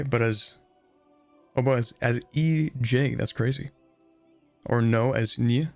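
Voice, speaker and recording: Gravelly-voiced man chatting while gaming. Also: medium pitch. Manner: rambling, thinking aloud with many fillers and chuckles. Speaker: streamer. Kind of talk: casual live-stream chat while gaming.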